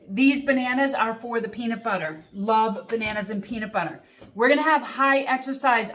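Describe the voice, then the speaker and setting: A woman's voice: a little high, fairly bright tone, a little hiss or hum. A middle-aged woman hosting a casual kitchen demonstration, chatty and upbeat, checking in with viewers with a frequent "okay?". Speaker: cooking show host.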